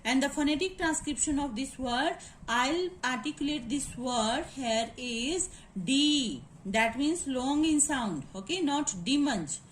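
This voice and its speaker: Slow high-voiced woman teaching phonetics. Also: slight background noise, rough recording. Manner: slow, repetitive spelling out of sounds and syllables. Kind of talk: phonetics lesson walkthrough.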